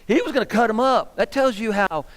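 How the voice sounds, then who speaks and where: Animated man teaching in an echoing church hall. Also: extremely high pitch, a little fast. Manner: animated, asks the room questions, gets fired up. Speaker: minister teaching a Bible class. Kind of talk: interactive Bible teaching with questions to the class. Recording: long echo of a church hall.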